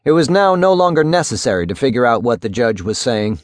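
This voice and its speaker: An audiobook narrator reads a literary novel in a measured, even storytelling voice. He speaks in a mid-range voice, and the recording is dry with clean studio sound.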